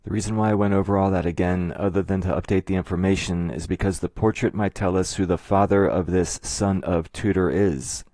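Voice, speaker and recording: Male narrator for an explainer: deep voice, dry close-mic sound, measured and methodical. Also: steady tone, mellow, no echo. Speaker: video essayist.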